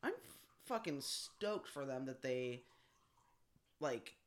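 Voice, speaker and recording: A woman's voice: a bass voice, sing-song, slow. Teasing woman in casual chat. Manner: teasing, dry humor.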